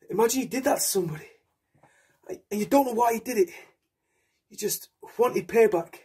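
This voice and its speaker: A man's voice: high voice, warm tone, breathy edge. A young man performing a solo theatre monologue, raw and intense, switching between voices. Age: young adult. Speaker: actor.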